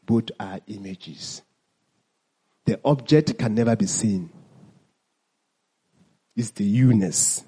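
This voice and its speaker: A man's voice: fairly low pitch, slow, long pauses, mellow, husky. A man teaching mindfulness to an audience, asking them questions and then answering them himself.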